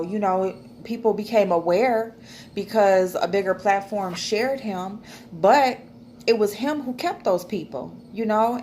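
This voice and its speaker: A woman's voice: medium pitch, a little mellow, a little hiss or hum. A woman, chatting casually to her camera at home, loose and emotional, swearing freely. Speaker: vlogger. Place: at home, indoors.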